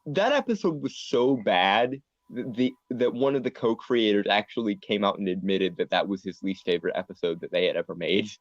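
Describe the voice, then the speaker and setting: A man's voice: lowish voice, fairly quick, dry recording. A man co-hosting a podcast in casual chat, stumbling over restarts and joking around. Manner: stammering restarts, playful mock villain laugh. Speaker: podcast co-host. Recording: dry, dull lo-fi audio.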